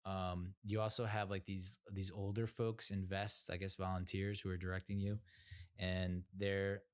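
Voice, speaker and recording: A man's voice: low voice, flat delivery, unhurried, smooth. A man hosting a podcast, telling a story in a rambling, sarcastic way with lots of fillers. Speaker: podcast host. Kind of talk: casual storytelling monologue.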